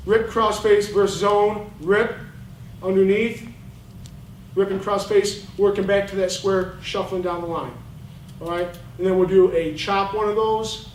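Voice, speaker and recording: A man coaching at a clinic, talking bluntly and with fire over game film. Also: high-pitched. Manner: animated, blunt, fired up. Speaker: football coach. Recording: roomy, distant mic, faint noise.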